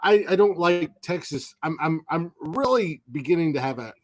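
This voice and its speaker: A man's voice: fairly high pitch, animated, moderate pace. A man from Ohio co-hosting a comedy podcast, ranting crudely and laughing often. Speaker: podcast co-host.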